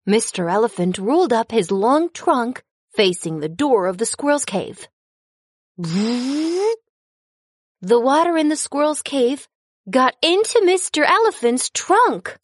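Expressive woman reading a children's story. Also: high voice, takes it slowly, no echo, studio quality. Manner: expressive, storytelling with sound effects. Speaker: narrator. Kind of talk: scripted children's story narration.

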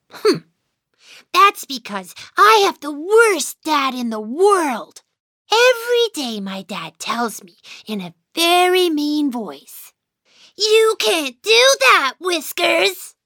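Whiskers, a sulky baby mouse. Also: female voice, high voice, pushed and bright, no echo, studio quality, heavily acted. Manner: sulky, sighing, then giddy. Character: unhappy little boy mouse, grumbling and playful. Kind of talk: first-person storybook narration.

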